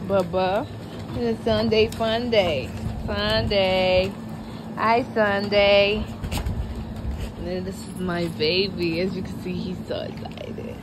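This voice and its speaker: Chatty young woman vlogging on a noisy phone. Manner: chatty, slangy, addresses viewers as y'all; breaks into high-pitched coaxing talk with her dogs. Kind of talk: casual vlog chat to viewers. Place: home and car, partly outdoors.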